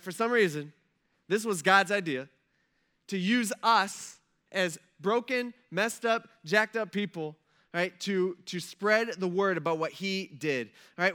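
A man preaching in a relaxed, conversational way, his voice bright and a little high. He leans hard on key words, drops almost to a murmur, then swells again. He slips into voices when he quotes people. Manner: conversational, emphatic, swings loud and soft, acts out quotes. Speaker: pastor. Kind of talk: casual sermon.

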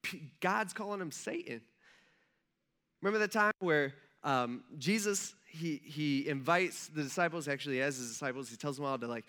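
A male pastor in his thirties preaching a relaxed, conversational sermon. He tells stories with animation and fills his speech with casual fillers. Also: fairly high pitch, normal speed. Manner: animated storyteller, acts out quotes, many fillers like "like".

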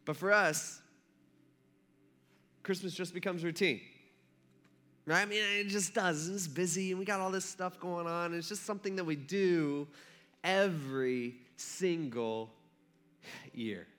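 A male preacher who tells the story in a loose, conversational way and keeps turning to the congregation. His voice sits high and sounds bright and forceful. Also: a little slow, long pauses. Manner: casual and chatty, talks to the congregation directly. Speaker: pastor.

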